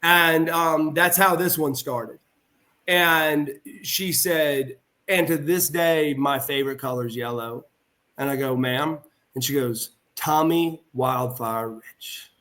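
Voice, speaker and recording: A middle-aged man telling stories as a podcast guest, his voice sitting a little higher than most men's. He rambles warmly through anecdotes, stumbling and restarting, then leans into the retold dialogue with animated energy. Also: slow. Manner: animated, heartfelt delivery. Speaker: guest, former pro wrestler. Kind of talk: casual storytelling in a podcast interview.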